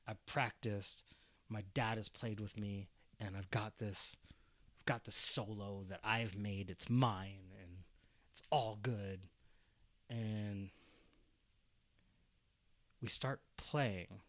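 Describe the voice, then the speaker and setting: Slow-talking man telling a story. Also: fairly low pitch, no room sound. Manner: animated storyteller, swearing, laughing, acting out voices. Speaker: guest. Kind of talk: casual storytelling chat. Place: Arizona.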